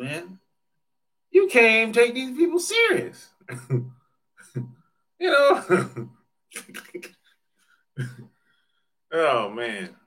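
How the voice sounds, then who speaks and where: A man with a high, bright voice chats with his viewers in a loose, joking way. He talks at a slow pace, with pitch that swings widely, swears freely and laughs often between comments. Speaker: livestreamer reading viewer comments. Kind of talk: casual chat.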